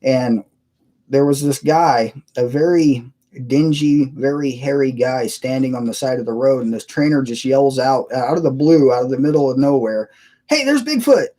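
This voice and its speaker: A man's voice: mid-range voice, steady tone, normal speed, warm tone. A man hosting a casual live stream from his computer, rambling and chuckling as he reads viewers' messages aloud. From United States. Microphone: cheap webcam mic.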